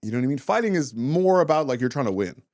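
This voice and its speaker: Lively, fast-talking man telling stories. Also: mid-range voice, no room sound, studio quality. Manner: animated storytelling, acts out quotes, swears often. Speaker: guest, former fighter turned comedian. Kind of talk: casual interview chat.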